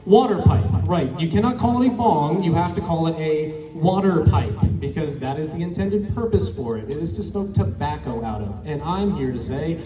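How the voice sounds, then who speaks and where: A man's voice: a little high, animated, normal speed, few pauses, over music. A man performing a crude, rambling stand-up set at an open mic, acting out the people in his stories. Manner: crude, rambling storytelling with acted-out quotes. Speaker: stand-up comedian. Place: open mic show in a bar or small venue. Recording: echoey room, mic from a distance. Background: crowd reactions.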